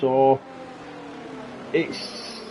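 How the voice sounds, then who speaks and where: A man's voice: extremely slow, noisy background. A man co-commentating a live sim race, chatty and laying out strategy and stats.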